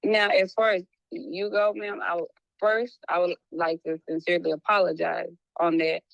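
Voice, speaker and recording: A woman speaking as a private investigator in a casual, apologetic conversation, talking in quick bursts with many restarts. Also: fairly low pitch, creaky, dry recording, muffled recording. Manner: animated, restarts often, slips into a playful hood voice when quoting.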